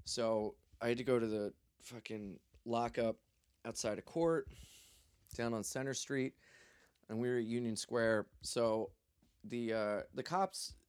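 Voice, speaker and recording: A man's voice: mid-range voice, steady tone, a little slow, clear, resonant tone, no room sound, studio quality. A young man telling a story in a loose, profane, joking way. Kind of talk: casual storytelling.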